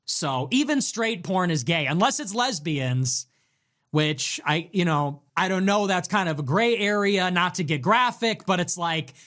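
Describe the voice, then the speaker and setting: This livestream host has a high-pitched voice and a slightly slow delivery. Reading out donations, he stays casual yet animated, reacting with sarcasm, provocation and jokes.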